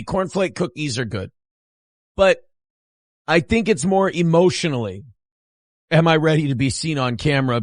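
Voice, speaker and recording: A man's voice: a little high, no echo. A man hosting a livestream, giving a sarcastic, boastful, mock-solemn monologue into a close studio mic. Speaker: radio host streaming.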